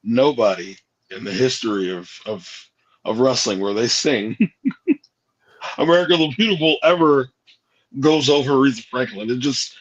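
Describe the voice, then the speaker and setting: A man co-hosting a casual wrestling podcast, teasing his friends and getting excitable. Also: medium pitch, normal speed, long pauses, lo-fi sound. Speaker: podcast co-host.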